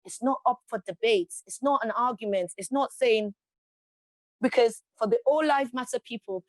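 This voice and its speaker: A woman's voice: fairly high pitch, a little slow, dry recording. A woman, a guest in an interview, speaking passionately with emphatic rhetorical questions. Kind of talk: passionate conversational speech.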